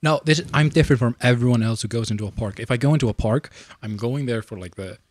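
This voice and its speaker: A young man in his twenties telling a funny story in casual chat, animated and laughing often. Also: fast talker, dry recording, studio quality. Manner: animated, laughing, shrieks in high voice when reenacting screams.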